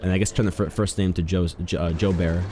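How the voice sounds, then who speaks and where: A man streaming a video game, chatting casually with viewers, swinging between low mumbles and sudden loud, sweary outbursts. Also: steady tone, fast talker, slight background noise. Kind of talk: casual live gaming commentary.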